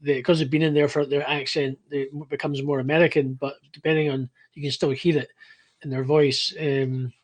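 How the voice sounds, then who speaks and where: Male co-host, quiet, rambling, restarts a lot. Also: fairly high pitch, level tone, moderate pace. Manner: rambling, soft-spoken, full of restarts. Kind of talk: casual chat on a live stream.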